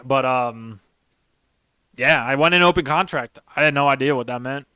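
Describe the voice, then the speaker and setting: A man's voice: medium pitch, moderate pace, sharp tone, clear, resonant tone, no echo, studio quality. A young man and former Marine sergeant who hosts a podcast. He tells stories in a rambling, emphatic way and swears heavily. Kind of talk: casual storytelling chat.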